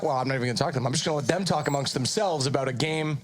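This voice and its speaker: Fast-talking Canadian man hosting. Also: medium pitch. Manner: quick, chatty and playfully exasperated. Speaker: desk host. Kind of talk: esports broadcast desk banter. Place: broadcast studio.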